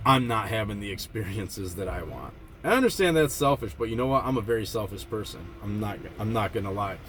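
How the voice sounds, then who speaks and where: A man's voice: on the low side, a little hiss or hum. A man in his forties speaks candidly about money and family in a rambling, reflective way, full of restarts and quoted thoughts. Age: 40s. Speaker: personal finance vlogger. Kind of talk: candid personal talk to camera.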